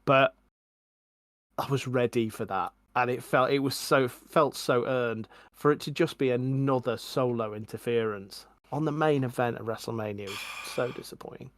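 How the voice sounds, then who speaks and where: Measured man in his forties. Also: medium pitch, dry recording, studio quality. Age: 40s. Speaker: podcast co-host. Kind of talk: casual chat.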